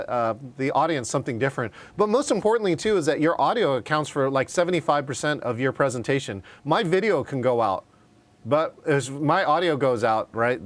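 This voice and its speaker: A man teaching a live online class on virtual meetings, talking conversationally and often checking in with "right?". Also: mid-range voice. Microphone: video call.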